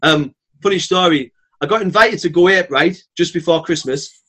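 A man, talking bluntly and swearing freely as a podcast guest, telling animated stories. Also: a little high, moderate pace. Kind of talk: casual podcast chat.

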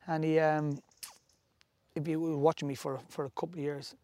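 Irish ex-footballer guest, forties, higher pitch, dry, chatty and full of restarts. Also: male voice, flat delivery, normal speed, a little mellow, dry recording. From Ireland. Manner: rambling storytelling with restarts. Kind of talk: casual chat.

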